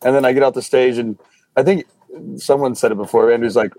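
Podcast chat: man, mid pitch, dry sound, meandering storyteller. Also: quick pace, a little mellow, husky, no echo.

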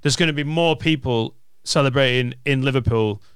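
A man's voice: medium pitch, moderate pace, a bit bright, clean tone, dry recording, clean studio sound. A man with a Lancashire accent, a comedian chatting casually on a podcast, swearing and telling stories. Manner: sweary, joking, storytelling.

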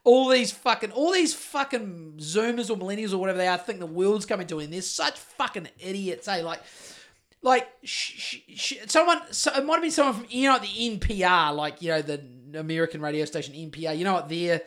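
A man's voice: sits high, expressive, a little fast, fairly bright tone. A middle-aged man with a New Zealand accent, ranting and swearing heavily in casual podcast chat. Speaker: podcast host.

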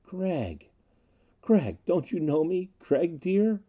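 A man reading aloud and voicing a young woman in disguise who speaks softly and pleadingly. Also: a little high, huge pitch swings, a little slow, breathy edge, voice pushed up, exaggerated voice. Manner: soft, hushed and pleading.

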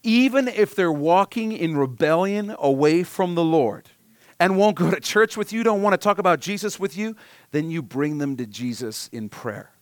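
A man preaching a sermon, swinging from hushed, near-whispered lines to loud, emphatic passages. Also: medium pitch, no room sound. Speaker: pastor.

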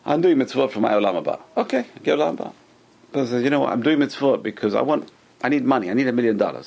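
A man's voice: medium pitch, fast, gravelly. A man teaching a Torah class, telling stories and acting out the people in them, often repeating and restarting his phrases. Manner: animated storyteller, acts out quoted people.

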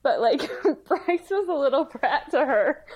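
A young woman with a slightly raised pitch chatting happily about her favorite author. She giggles often and leans on "like" as she gushes. The tone is relaxed and friendly. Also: a little slow, lo-fi sound. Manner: giggly, effusive, says "like" a lot. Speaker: podcast co-host. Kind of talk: casual book-review chat.

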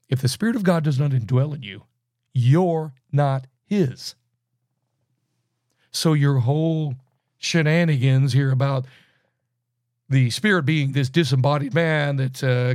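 A man teaching through a Bible book verse by verse, emphatic, with loud bursts and low asides. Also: no echo, studio quality.

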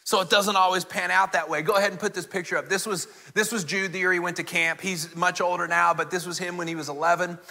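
Man, 40s, pastor, bright and a bit high, acts out the dialogue, long hall reverb. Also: fairly even intonation, fast talker, gravelly, few pauses. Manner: storytelling, acts out family dialogue, addresses congregation directly. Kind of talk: sermon with personal story.

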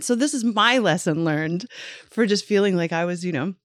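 A woman's voice: mid-range voice, brisk, no room sound. A woman co-hosting a podcast in casual chat, candid and chatty, swearing freely and laughing often, recorded in a studio. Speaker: podcast co-host.

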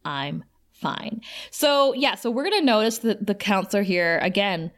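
A woman's voice: medium pitch, expressive, moderate pace. A woman co-hosting a podcast, retelling a TV episode in casual chat and quoting the characters as she goes. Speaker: podcast co-host.

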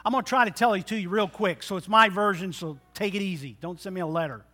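Male preacher, high bright voice, chatty sermon in church, questions to the pews. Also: fast talker. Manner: conversational, asks the congregation questions.

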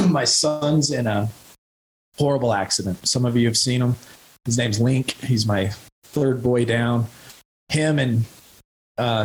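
Recorded with poor audio and a little hiss or hum, this mid-range male voice belongs to a podcast guest in his thirties. He rambles through a raw account of recovery and his son's accident, occasionally shouting out quotes.

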